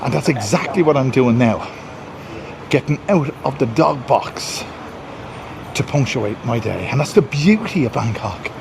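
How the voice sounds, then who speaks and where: A man's voice: mid-range voice, lively intonation, measured pace, vocal fry, background noise. A man vlogging into a handheld camera outdoors and in his car, rambling, repeating himself and sounding pleased with himself. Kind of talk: walking vlog monologue. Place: outdoors in a city street and car.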